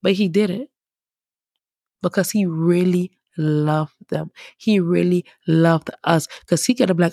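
A woman preacher giving casual, emphatic Bible teaching in a conversational, animated way. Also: on the low side, a little slow, creaky, no room sound, studio quality.

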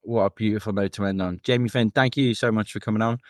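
A man's voice: on the low side, fairly even intonation, fast, no room sound, clean studio sound. A man hosting a podcast, casual and jokey, laughing easily. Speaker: podcast host. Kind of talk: casual chat.

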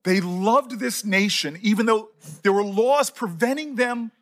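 High-voiced middle-aged guy choking up a bit, stumbling over his words in a hearing speech. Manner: emotional, halting, repeats words. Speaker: senator.

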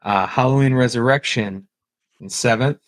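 A man talking as a guest in a casual podcast chat, relaxed and easygoing. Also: medium pitch, moderate pace.

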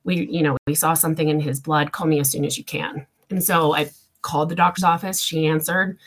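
A woman, telling an emotional personal story in a halting way, with many fillers, close to tears. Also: low voice, flat delivery. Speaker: guest.

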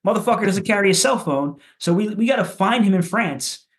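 A punk rock musician from Philadelphia tells loose, profane stories on a casual podcast, talking fairly quickly. He's animated and stuffs his speech with "like" and "you know," and his voice jumps higher during the funny bits.

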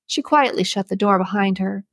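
A woman reading a novel aloud as an audiobook narrator, with steady, measured storybook narration. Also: medium pitch, vocal fry, no echo.

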